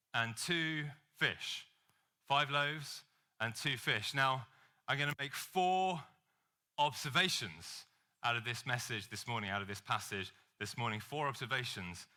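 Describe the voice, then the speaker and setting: Bright-voiced man preaching with humor. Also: mid-range voice. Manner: humorous storytelling, acts out quoted voices. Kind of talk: sermon.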